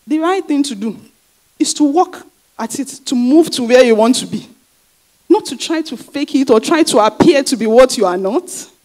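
Her voice fairly high and a little mellow, a woman pastor gives a sermon, hammering points home through repeated phrases and rhetorical questions she then answers herself.

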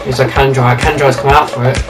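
A man's voice: mid-range voice, little pitch movement, fast, far from the mic, over loud music. A young man playing a football video game, calling out player names and swearing as the action unfolds. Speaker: gamer. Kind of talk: excited football game commentary.

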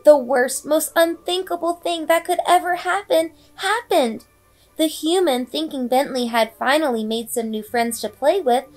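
A woman reading a children's bedtime story aloud with expressive, dramatic storybook delivery. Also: high voice. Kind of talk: bedtime read-aloud narration. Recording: faint background music.

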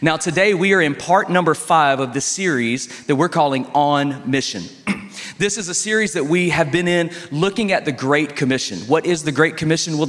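A man's voice: fairly high pitch, fairly bright tone. Man preaching in a reverberant church hall. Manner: conversational storytelling, emphatic pauses. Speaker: pastor. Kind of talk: sermon. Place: church sanctuary.

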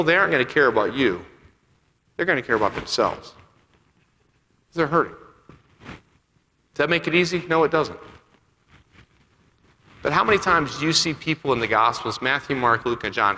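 A male pastor preaching a sermon, acting out dialogue and swinging between loud passages and soft ones. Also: fairly high pitch. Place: church sanctuary. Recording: church hall with long reverb.

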